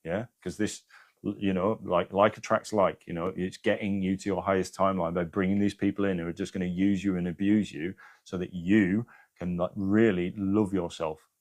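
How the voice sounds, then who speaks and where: A man's voice: low voice, steady tone, moderate pace, darkish tone. A man hosting a live stream, giving casual spiritual advice to viewers, swearing freely and often checking in with "yeah?".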